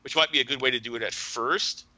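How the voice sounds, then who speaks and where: A man's voice: mid-range voice, fast, sharp tone, no room sound, muffled recording. A man, a marketing teacher, speaking as a guest on a podcast and explaining his ideas in a casual, thoughtful way, often checking in with "right?".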